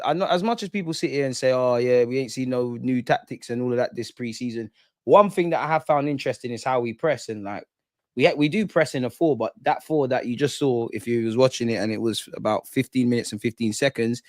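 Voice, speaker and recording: A man's voice: mid-range voice, brisk, no room sound. A young man hosting a live football watch-along, reacting passionately with slang, banter and frequent swearing. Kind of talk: live match reaction commentary.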